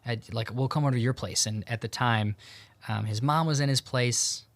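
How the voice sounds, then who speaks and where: A young man hosting a podcast, retelling a story in a relaxed, casual way with lots of fillers and quoted dialogue. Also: mid-range voice, moderate pace, no echo. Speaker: podcast host. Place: home in Tucson.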